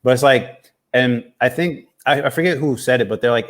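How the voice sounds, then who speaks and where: A man hosting a casual interview, asking questions in a relaxed, hesitant way full of fillers. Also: medium pitch, normal speed. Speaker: interview host.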